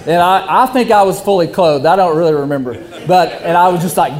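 A young man telling a hunting story, animated and often laughing while he talks. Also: sits high, a little fast, hardly any pauses. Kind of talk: casual storytelling.

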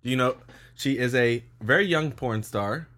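A man hosting a casual podcast, joking and rambling in a loose, quick way. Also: medium pitch, a bit bright. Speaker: podcast host.

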